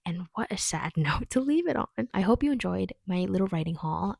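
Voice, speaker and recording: Chatty young woman with a gravelly voice. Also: medium pitch, lively intonation, moderate pace, hardly any pauses, a little mellow, no echo, clean studio sound. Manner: chatty and self-deprecating, with frequent fillers and light laughs. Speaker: YouTube writer sharing her work. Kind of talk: casual vlog chat.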